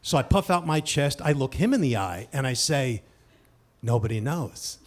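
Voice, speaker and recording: A man telling a funny personal story on stage, self-mocking and lively, dropping to hushed asides and rising to shouted punchlines. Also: mid-range voice, moderate pace, heavy background noise. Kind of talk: live comic storytelling.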